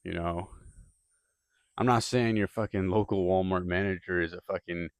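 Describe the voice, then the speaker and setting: A man's voice: low voice, no room sound, studio quality. A young man rambling through a profane, casual monologue, full of filler words and restarts. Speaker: podcaster.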